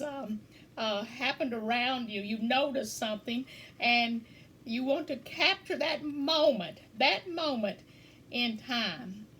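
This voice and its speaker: A woman poetry teacher explaining a writing lesson in an unhurried way, repeating key words with plenty of fillers. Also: high-pitched, a bit bright, a little hiss or hum. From eastern Kentucky.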